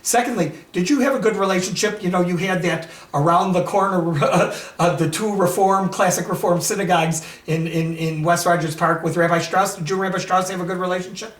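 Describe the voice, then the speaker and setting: A male host with a high voice guides an interview, affirming his guest and asking short questions. He sounds distant from the mic. The room around him is echoey. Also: fairly even intonation, brisk, few pauses. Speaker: host, rabbi.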